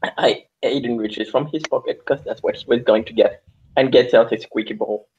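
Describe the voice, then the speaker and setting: A man in tabletop game banter, animated and rambling as he talks. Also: medium pitch, moderate pace, husky. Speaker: player. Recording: dull lo-fi mic.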